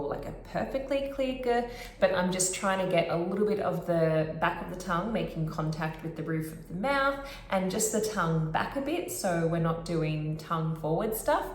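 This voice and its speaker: A woman speech pathologist, explaining therapy techniques clearly and demonstrating sounds. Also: fairly low pitch, reverberant. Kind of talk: instructional explanation to camera.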